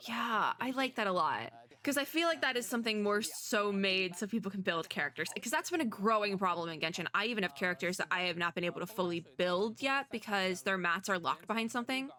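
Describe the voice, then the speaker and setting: Bright, excitable young-sounding woman. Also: brisk, hardly any pauses. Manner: excitable, jumps into high squeals at cute things; chatty, rambling, laughs often. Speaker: video game streamer. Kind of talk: reaction commentary.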